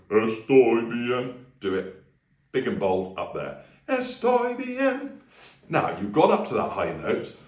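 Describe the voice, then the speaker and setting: A man leading a friendly singing and language lesson, breaking into high sung phrases to demonstrate. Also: echoey room, far from the mic. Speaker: music teacher.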